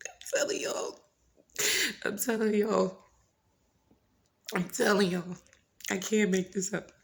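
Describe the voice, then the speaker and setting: Woman vlogger telling her testimony, earnest, raspy fry in the voice, repeats stuff, goes hushed sometimes. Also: medium pitch, fairly even intonation, slow. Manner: earnest, repeats phrases for emphasis; drops into hushed whispers at times. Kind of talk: personal testimony.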